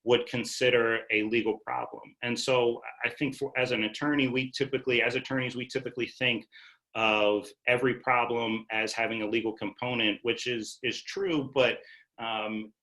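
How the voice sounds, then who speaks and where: Bright-voiced man giving a casual talk. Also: medium pitch, moderate pace, low-quality recording. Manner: relaxed, many fillers, conversational. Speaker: attorney presenting a webinar. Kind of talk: casual webinar presentation.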